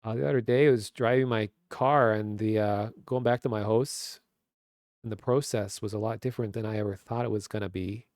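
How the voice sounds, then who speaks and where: A man's voice: fairly low pitch, steady tone, fairly quick, a little mellow, no room sound, studio quality. A man in his thirties with a Minnesotan accent, chatting casually on a webcam stream and rambling with lots of fillers. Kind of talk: casual chat. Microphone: webcam stream mic.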